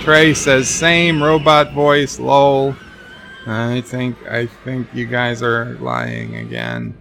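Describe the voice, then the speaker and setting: Slow, gravelly man reading stream chat. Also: mid-range voice, lively intonation, a bit bright, slight background noise. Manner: reads chat messages aloud in a rambling, joking way. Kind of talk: casual live-stream chat.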